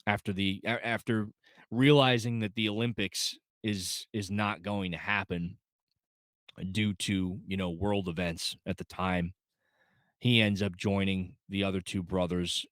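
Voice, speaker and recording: A man's voice: low voice, a bit bright, clean tone, no room sound, clean studio sound. A man casually reviewing a film, rambling with many fillers and restarts, choked up and holding back tears. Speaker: movie reviewer.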